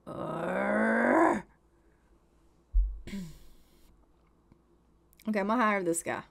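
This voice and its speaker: A woman's voice: medium pitch, very slow, vocal fry. A young woman giving chatty, exasperated and dramatic commentary over a life-sim game. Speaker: let's play host.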